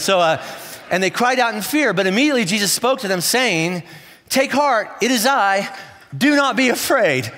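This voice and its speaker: A male pastor delivers a sermon in a high, bright voice. He tells the story with humor and jumps into quick acted-out voices. A long reverb from the large church hall hangs behind every word. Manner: animated storytelling with playful asides and acted-out voices.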